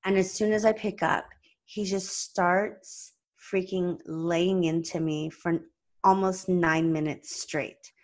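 A woman hosting a podcast, chatting casually and retelling a tense phone call with animated, lively delivery and plenty of "like"s. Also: on the low side, slow. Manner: chatty, many "like"s and restarts. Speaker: podcast host and practice owner. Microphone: podcast microphone.

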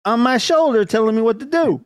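A man voicing a twitchy, unhinged man who is trying to scare off a thug, in a shrill, manic tone. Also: lively intonation, brisk, clear, resonant tone, no echo.

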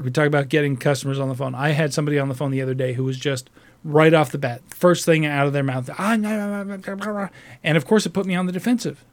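Man, somewhat higher voice, casual profane storyteller; rambling, restarts often, animated. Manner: animated, mimics other voices while retelling. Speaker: call center customer service agent.

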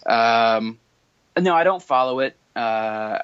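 A man guesting on a podcast, chatting easily and telling stories in an animated way. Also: mid-range voice, takes it slowly, clean tone, no room sound, highs cut off. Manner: easygoing, animated storytelling, laughs often. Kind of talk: casual podcast chat.

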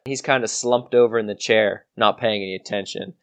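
A man's voice: on the low side, steady tone, a little fast, fairly bright tone. A man narrating a tabletop game as game master, rambling and hesitant with many restarts.

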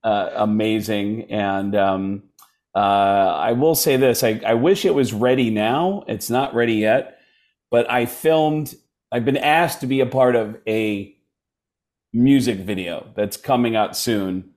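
A man's voice: on the low side, slow, a little mellow. A man, a comedian guest on a podcast, chatting casually and rambling with many fillers and restarts.

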